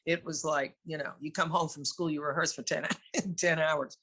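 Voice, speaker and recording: A woman with a New York accent talks as an interview guest, candid and lively. Her voice is bright and ringing. She laughs often as she tells her stories. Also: sits low, normal speed, husky. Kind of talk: casual storytelling in an interview.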